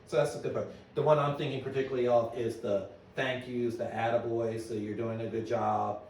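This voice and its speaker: A middle-aged man giving a conference talk to an audience, telling stories in a lively way and asking the room questions. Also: medium pitch, fairly quick, a little hiss or hum. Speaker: business owner giving a presentation. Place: meeting room at an annual meeting. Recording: echoey hall, voice from a distance.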